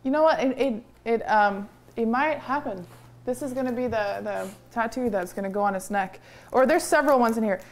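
Woman streamer, somewhat high voice, loud and profane casual chat, home room. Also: fairly quick. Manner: loud, swears and laughs often. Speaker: co-host of a livestream. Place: indoor home room with a fireplace.

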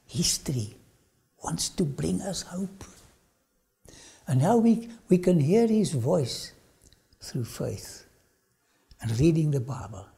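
A man with a fairly high, gravelly, mellow voice delivers a dramatic sermon-style lecture. He speaks slowly, often dropping suddenly to a whisper.

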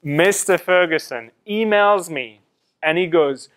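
A man's voice: fairly high pitch, measured pace, smooth. A middle-aged man from France telling students a story in a classroom, asking them questions and acting out what others said, through a slightly fuzzy mic. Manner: lively storytelling, quotes others in acted asides. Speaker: guest speaker presenting to students.

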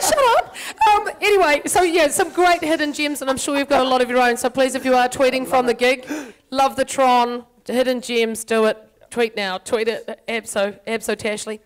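A New Zealand woman hosting a comic panel on stage, chatty and full of jokey asides. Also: mid-range voice. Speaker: panel host. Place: lecture stage before audience.

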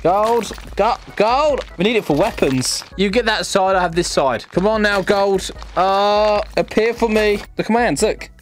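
A man's voice: high-pitched, a little slow, hardly any pauses, a little hiss or hum. A man hosting a gaming video, teasing and joking through playful commentary while he plays a VR game. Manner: cheeky, teasing, laughs often. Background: background music.

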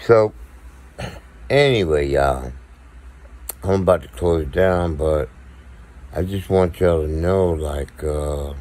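A man's voice: a bass voice, slow pace, pauses often, a little mellow. A man, co-hosting a podcast in a casual, blunt, profane monologue to viewers. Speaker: podcast co-host.

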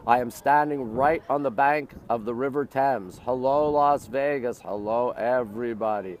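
A man's voice: mid-range voice, normal speed, a little hiss or hum. A man hosting a phone livestream outdoors on a riverbank, greeting viewers by their home towns and pointing out the sights around him. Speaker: livestream host. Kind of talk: live streaming tour.

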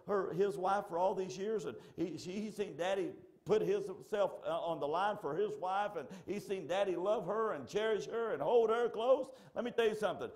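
A middle-aged male pastor preaching a folksy, animated sermon in church that swings from shouting to hushed. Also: fairly high pitch.

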